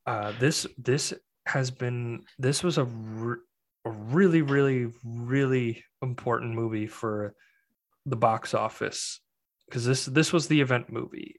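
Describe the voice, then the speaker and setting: A young man in casual podcast chat, talking in loose, rambling runs. He restarts often and drops dry, exasperated asides. His pitch sits in the middle range. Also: measured pace. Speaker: podcast co-host.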